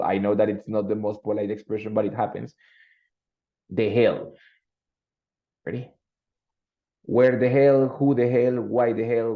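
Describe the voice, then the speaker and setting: Male English teacher, low gravelly voice, dull lo-fi online sound, mixes languages as he explains. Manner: switches between English and Spanish, explaining with examples.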